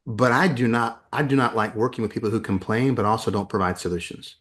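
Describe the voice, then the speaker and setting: A man's voice: fairly low pitch, fairly even intonation, quick pace, fairly bright tone. A man talking as a guest in a conversational interview, emphatic and often repeating words as he builds his points. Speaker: podcast guest, educator.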